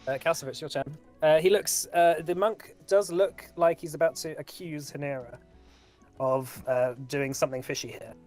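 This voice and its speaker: Running a tabletop game as game master, a man narrates with many fillers and restarts. His voice is fairly high with a darkish tone at a moderate pace, and faint music plays behind him.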